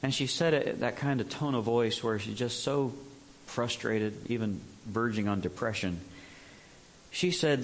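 A man preaching a sermon, telling stories in an animated way. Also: medium pitch, measured pace, slight background noise. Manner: animated storytelling, acts out voices.

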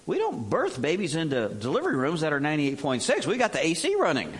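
A man preaching a sermon, telling stories in an animated way. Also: fairly high pitch, fast. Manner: animated storytelling, acts out voices.

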